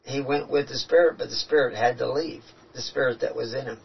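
A man's voice: medium pitch, a little fast, vocal fry, breathy edge. A man telling earnest, reflective stories about his spiritual experiences in a casual talk. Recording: dull, distant-sounding recording.

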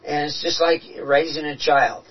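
A man with a husky, breathy timbre shares spiritual experiences in relaxed conversation. His delivery is earnest and reflective. The recording sounds dull and a little distant from the mic. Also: fairly high pitch, normal speed. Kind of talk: casual spiritual talk.

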